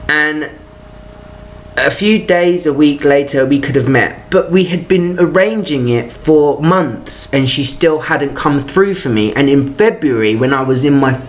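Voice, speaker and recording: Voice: mid-range voice, a little slow, slight background noise. A vlogger telling a personal grievance in an exasperated, profane rant, talking in stop-start bursts and restarts. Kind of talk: ranting personal vlog.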